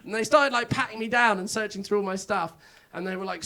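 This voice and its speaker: A high-pitched man talks fast in a pushed, bright voice as he does stand-up on a comedy club stage. His stories ramble and mock himself, drawing regular laughs from the crowd, which can be heard throughout the live recording.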